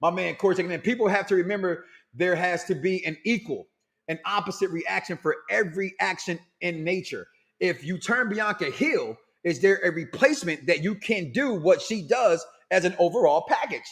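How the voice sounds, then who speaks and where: A middle-aged man hosting a casual talk show, loud and animated, reading out listener comments and laughing often. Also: high voice, normal speed. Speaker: podcast host.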